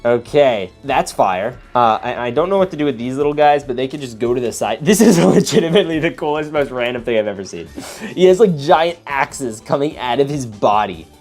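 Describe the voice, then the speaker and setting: A young man hosting a casual toy unboxing, talking in an excitable, slangy way as he reacts while building. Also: medium pitch, normal speed, faint music behind.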